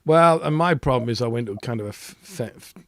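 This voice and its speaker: A man's voice: medium pitch, expressive, a little fast, crowd noise. A man with an English accent hosting a casual group video call, joking dryly about himself and often restarting his sentences. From England. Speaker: host. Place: home, live stream panel.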